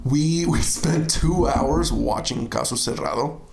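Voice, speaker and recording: A man hosting a podcast, telling stories in a casual, animated way and laughing often. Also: on the high side, unhurried, creaky, roomy sound, noisy background. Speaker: podcast host. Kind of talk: casual chat.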